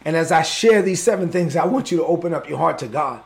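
A man's voice: a little high, animated, fast talker, vocal fry. A man preaching a sermon as pastor, fervent and openly emotional.

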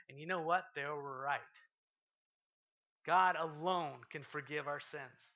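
Man, pastor, sermon, animated delivery, slightly high voice, lo-fi church recording. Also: moderate pace. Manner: animated, reads scripture aloud with rising intensity, drops to quiet asides.

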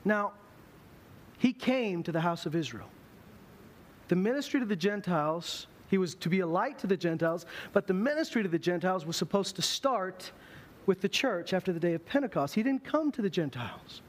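A man's voice: high voice, lively intonation, a little fast. A man preaching a sermon in a church, telling stories with humor and acting out voices. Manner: humorous storytelling, acts out voices. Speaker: pastor.

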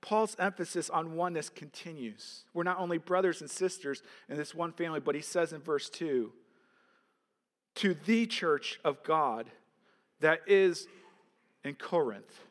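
A man preaches a sermon from the pulpit, earnest and emphatic, putting rhetorical questions to his congregation. His voice sits high for a man. The sound rings out with the long reverb of a church sanctuary. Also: a little slow. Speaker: pastor.

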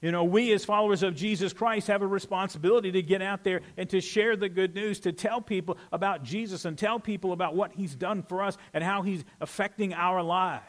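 A pastor preaching a conversational sermon, animated with playful asides. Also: male voice, sits high, a little fast, few pauses.

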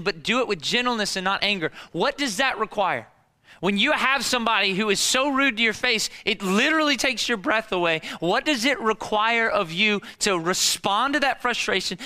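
A man's voice: high-pitched, pushed and bright, big-room sound. A man in his thirties preaching a sermon as pastor, emphatic, repeating key phrases and asking rhetorical questions.

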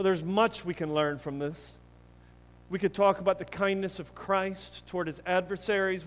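A man preaching a sermon earnestly and emphatically, with many restarts, swinging between loud stresses and hushed passages. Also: high-pitched, big-room sound. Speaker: pastor.

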